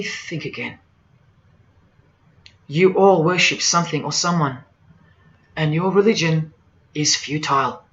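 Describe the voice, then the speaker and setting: A man preaching a monologue in a forceful, rhetorical way, firing question after question at the listener. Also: high voice. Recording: dull lo-fi audio.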